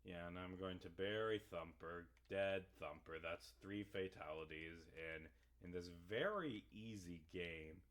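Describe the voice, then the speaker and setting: A man's voice: low-pitched, unhurried, few pauses, a bit bright. A young man giving casual, rambling commentary over a game, ranting and swearing often. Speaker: gaming vlogger.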